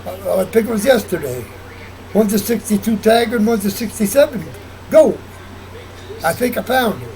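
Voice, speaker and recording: A man talks on in a loose, rambling monologue, circling back and repeating himself. His voice sits high and swings widely up and down as he goes. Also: animated, moderate pace, creaky, pauses often, a little mellow, low-quality recording. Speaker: vlogger.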